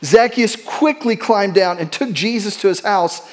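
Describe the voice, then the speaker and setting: A man with a high-pitched voice preaches a sermon from the pulpit. He rushes through quick asides, then slows and drops to a hush for emphasis. He calls out lines for the congregation to repeat. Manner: shifts between quick asides and slow, hushed emphasis; leads the congregation in call-and-response. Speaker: pastor.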